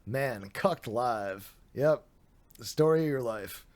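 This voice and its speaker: A man's voice: medium pitch, animated, slow, a little mellow. A man streaming late at night, reading out online drama with tired, sardonic commentary, swearing and laughing. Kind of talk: casual live-stream commentary.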